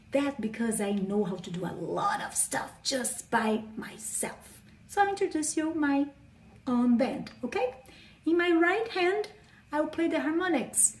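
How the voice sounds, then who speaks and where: A woman's voice: high-pitched, animated, recorded from a distance. A woman from Brazil with a Brazilian accent, a native Portuguese speaker, patiently explaining music to children. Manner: patient, spelling things out slowly. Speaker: guitarist and singer. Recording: echoey room, off-mic, guitar playing.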